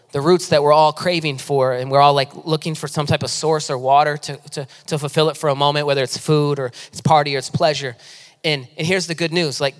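A high-voiced man in his thirties delivers an impassioned sermon. He swings from loud, urgent pleading down to quiet, intimate asides, and his voice rings with a long reverb from a large church hall. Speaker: pastor.

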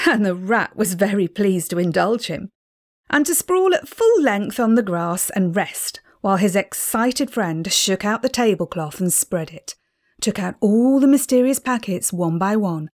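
A woman reading a children's story aloud, gentle and expressive. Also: mid-range voice, unhurried. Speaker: audiobook reader. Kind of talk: storybook narration.

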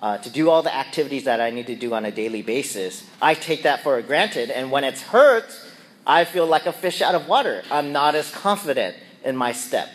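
A man's voice: mid-range voice, expressive, normal speed, a little hiss or hum. A middle-aged man casually telling a personal story and acting out his own yelps and quoted lines. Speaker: speaker sharing a personal reflection.

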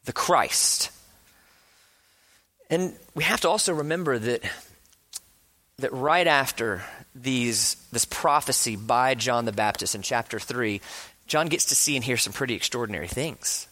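A man preaching a sermon, earnest, shifting between quick bursts and slow hushed emphasis. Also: medium pitch. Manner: earnest, speeds up and slows down, drops to a hush for emphasis; acts out quoted speakers with rising passion. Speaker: pastor.

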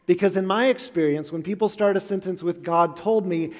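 Earnest pastor, slightly high voice, long reverb. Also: male voice, brisk. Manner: earnest storytelling with gentle self-deprecating humor. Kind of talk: sermon. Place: church sanctuary.

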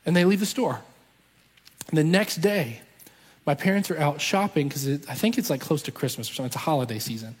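Husky preacher in a reverberant hall. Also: male voice, on the high side, animated, a little fast. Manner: impassioned storytelling with emphatic repetition. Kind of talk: sermon. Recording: long reverb of a large hall.

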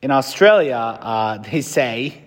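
An American Catholic priest gives a conversational homily in a church, with long reverb from the building. His medium-pitched voice is animated and slow, and he uses fillers and restarts.

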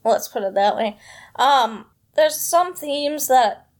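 A woman's voice: high-pitched, animated, takes it slowly. A woman hosting a casual chat podcast, rambling and chatty with many fillers. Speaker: podcast host.

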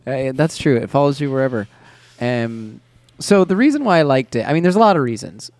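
A man co-hosting a casual podcast, talking in halting, hesitant phrases. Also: mid-range voice, expressive, darkish tone, no echo. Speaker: podcast co-host. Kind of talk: casual chat.

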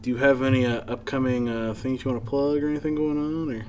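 A man's voice: mid-range voice, steady tone, fast, a little mellow, a little hiss or hum. A man hosting a podcast in a comedy club, chatting casually, laughing easily and swearing along with his guest. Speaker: podcast host. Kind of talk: casual chat.

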